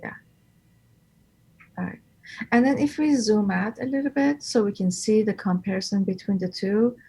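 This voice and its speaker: A woman instructor giving live design critique, with encouraging, gently directive feedback. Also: medium pitch, moderate pace, gravelly, slightly rough.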